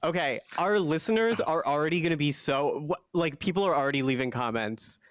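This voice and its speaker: A man's voice: a little high, expressive, fairly quick, no echo, studio quality. A man co-hosting a podcast in casual banter, teasing the others and laughing often. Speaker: podcast co-host. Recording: loud background noise.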